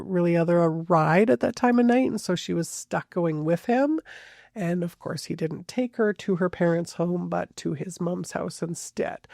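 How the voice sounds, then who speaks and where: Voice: mid-range voice, vocal fry, a little mellow, dry recording, clean studio sound. A true crime podcast host narrating a case in a casual, conversational way, hedging often and restarting sentences.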